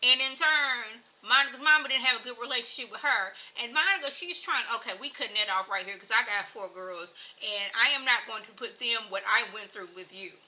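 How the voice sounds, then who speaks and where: Woman vlogger, casual recap chat, high bright voice, faint room noise. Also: fairly quick, few pauses, low-quality recording. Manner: animated, chatty, lots of filler words.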